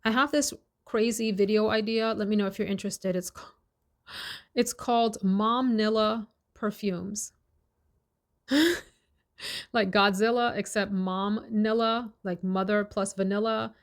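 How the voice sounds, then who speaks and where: A woman's voice: mid-range voice, steady tone. A woman chatting casually in a fragrance review vlog, enthusiastic and talkative, dwelling on each scent note. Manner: chatty, enthusiastic, lists scent notes slowly.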